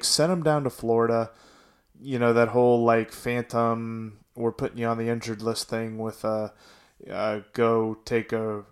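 A man hosting a sports podcast, talking casually and venting frustration with frequent restarts. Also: mid-range voice. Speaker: podcast host.

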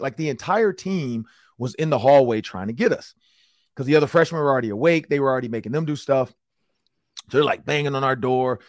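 A man hosting a sports talk show, telling a story in casual podcast style, animated and slangy. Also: mid-range voice, a little fast, dry recording, studio quality. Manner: animated, acts out quotes in slangy banter.

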